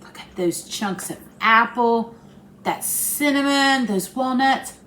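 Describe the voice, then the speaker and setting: A woman's voice: on the high side, slow pace, fairly bright tone, a little hiss or hum. A woman with an Appalachian accent hosting a home cooking video, chatting folksy and friendly to her viewers as she bakes in her kitchen. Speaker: home cooking channel host. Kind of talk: casual cooking demonstration.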